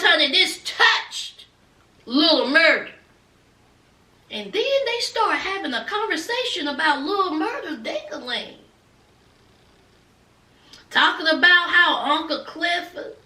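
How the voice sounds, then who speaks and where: A woman's voice: very high-pitched, pushed and bright, far from the mic. A woman chatting through a TV recap, sassy and gossipy, calling her viewers "honey" and "child.". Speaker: TV recap vlogger. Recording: echoey room, voice off-mic.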